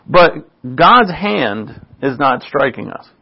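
The recording is dull and lo-fi, and the male preacher's voice sits on the high side, slightly rough with vocal fry. Chatty and informal, he keeps asking listeners "right?" and laughs at his own asides.

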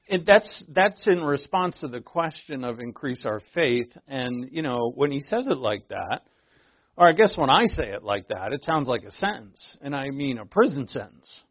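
A male pastor teaches scripture in a loose, conversational way, filling pauses with uhs and poking fun at himself. His voice sits at a middling pitch. The recording is dry and somewhat muffled. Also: breathy edge, no echo. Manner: conversational, self-deprecating, with frequent fillers. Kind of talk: expository sermon.

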